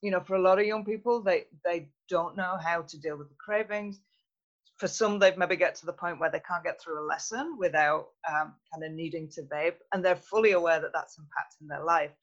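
Podcast guest, measured and reflective, mid-pitched, muffled lo-fi sound. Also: steady tone, a bit bright. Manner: thoughtful, measured, with frequent fillers. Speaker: interview guest, youth health researcher. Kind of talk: conversational interview.

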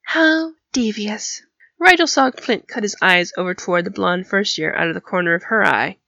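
A woman narrating an audiobook in an even, steady manner. Her voice sits a little low with a gravelly edge. The recording is dry and dull. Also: brisk, dry recording. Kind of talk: audiobook reading of fan fiction.

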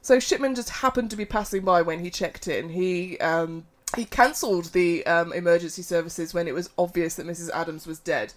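A woman's voice: fairly low pitch, normal speed, hardly any pauses. A woman hosting a casual true-crime podcast, reading case notes with lots of fillers and restarts.

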